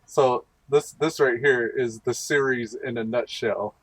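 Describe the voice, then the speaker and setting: A man's voice: mid-range voice, fairly even intonation, unhurried, dry recording. A man hosting a gaming channel, rambling through casual gameplay commentary and laughing often.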